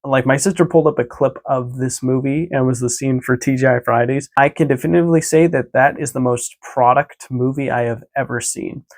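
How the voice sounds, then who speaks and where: A man's voice: mid-range voice, steady tone, a little fast, few pauses. A man vlogging a casual recap of his day, easygoing and chatty, rambling with lots of filler words and restarts.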